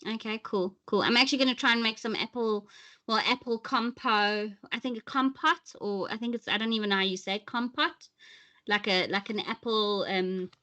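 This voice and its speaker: A South African woman hosting a casual livestream chat, talkative and quick to laugh. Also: mid-range voice, fairly even intonation, sharp tone. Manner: chatty, laughs often. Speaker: host. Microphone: webcam close to the face.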